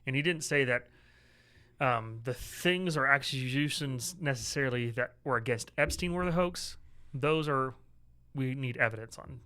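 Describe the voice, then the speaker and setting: A man's voice: mid-range voice, moderate pace, bright, forceful tone, clean tone. A man co-hosting a political podcast in casual chat, with a sarcastic, joking manner. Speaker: podcast co-host.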